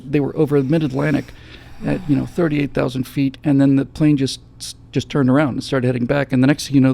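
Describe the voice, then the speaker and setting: Gravelly fast-talking man telling a story. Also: medium pitch. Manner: animated storyteller, mimics a calm airline pilot. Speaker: host. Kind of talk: casual storytelling chat. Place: studio set, seated.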